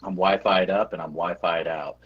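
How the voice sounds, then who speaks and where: A man co-hosting a podcast remotely, cracking dry, deadpan jokes. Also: low voice, moderate pace, breathy edge, lo-fi sound. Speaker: podcast co-host. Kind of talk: casual podcast banter. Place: calling in from New York.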